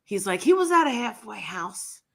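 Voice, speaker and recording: A woman chatting casually and telling a story, swearing freely, laughing often and dropping her voice low to quote someone else. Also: sing-song, moderate pace, creaky. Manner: profane, laughing storyteller, quotes others in a lowered voice.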